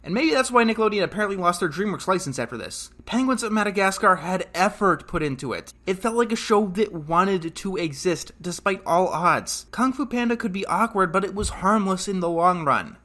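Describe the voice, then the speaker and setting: A man reviews a cartoon in a scripted voice-over, ranting with sarcasm and the odd curse. His voice sits high and sounds bright and sharp. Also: lively intonation, brisk, hardly any pauses. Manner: sarcastic, exasperated and ranting, with swearing. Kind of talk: scripted comedic review narration.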